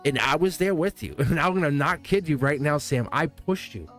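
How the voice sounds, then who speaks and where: A man's voice: on the high side, animated, moderate pace, fairly bright tone, soft background music. A man giving a live-stream tarot reading, effusive and encouraging, who laughs often and repeats his phrases.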